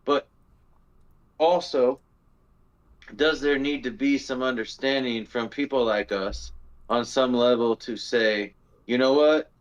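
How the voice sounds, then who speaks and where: A man of middle pitch talks through a podcast discussion, rambling and circling back with fillers and restarts. His voice comes through slightly dull and lo-fi, in casual chat as a co-host. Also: steady tone, slow pace, long pauses.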